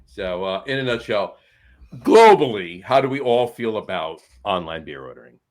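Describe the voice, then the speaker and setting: A man's voice: fairly low pitch, sing-song, normal speed, darkish tone. A middle-aged man co-hosting a podcast in casual, jokey, rambling chat. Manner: jokey, rambling, lots of fillers. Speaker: podcast co-host.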